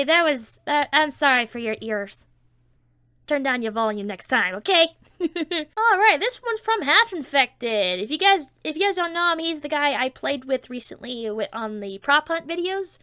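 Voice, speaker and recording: A woman hosting a casual Q&A vlog, chatty and excitable, with a stuffy nose from a cold. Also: sits high, normal speed, no echo, clean studio sound. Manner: chatty and excitable, many fillers and restarts. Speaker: channel host.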